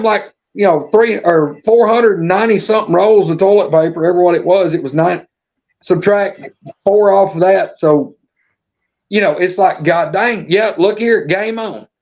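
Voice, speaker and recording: A man spins a long yarn on a podcast in a fairly high voice. He is folksy and profane and acts out every line of dialogue. The audio is dull and lo-fi. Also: a little mellow. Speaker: podcast storyteller. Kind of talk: casual storytelling.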